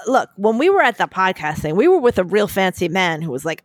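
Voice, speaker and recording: A woman's voice: mid-range voice, brisk, few pauses, no echo, studio quality. A woman co-hosting a podcast from her living room over a remote call, talking wryly with a swollen lip and laughing often. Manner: wry, animated, laughing often. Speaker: podcast co-host. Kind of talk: casual chat.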